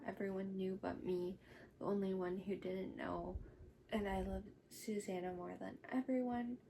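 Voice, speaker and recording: A woman's voice: mid-range voice, vocal fry, a little mellow. A woman casually recapping a novel chapter by chapter, acting out the characters' lines with "he's like" and "she's like.". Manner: retells scenes in quotes, "she's like". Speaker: book reviewer. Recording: noisy background hiss.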